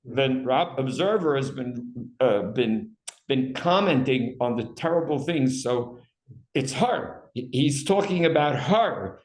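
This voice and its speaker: A man leading a Bible study class, reading Hebrew aloud and acting out the text's dramatic cries with animated emphasis. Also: medium pitch, takes it slowly, reverberant. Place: room with a small class.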